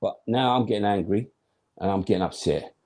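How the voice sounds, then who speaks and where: A man's voice: on the low side, fairly quick, darkish tone. A man, a former footballer telling stories as an interview guest, emphatic and slangy, acting out his own thoughts. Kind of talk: animated storytelling in conversation.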